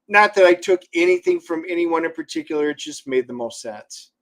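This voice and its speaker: Co-host, man, halting explainer with dry quips, a touch high in pitch. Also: lively intonation, a bit bright. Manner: explains with restarts and fillers, dry one-liners. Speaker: comic co-creator and co-host. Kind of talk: casual livestream chat.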